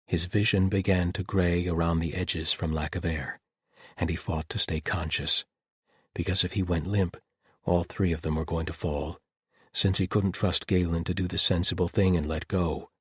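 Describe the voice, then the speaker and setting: A man narrating a fantasy audiobook in a steady storytelling manner. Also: deep voice, moderate pace, breathy edge, no echo, clean studio sound.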